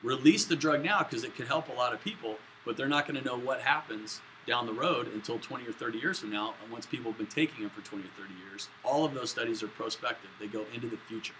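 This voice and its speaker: A man's voice: mid-range voice, quick pace, hardly any pauses, background noise. A man lecturing a statistics class at a whiteboard, in a casual, chatty way with jokey asides. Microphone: camera in the room, moving away to the board.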